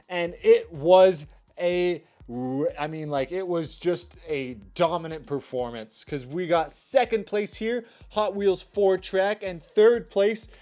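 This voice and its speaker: A young man hosting his channel, giving energetic play-by-play commentary on toy car races. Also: on the high side. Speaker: toy car race host. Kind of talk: race commentary vlog.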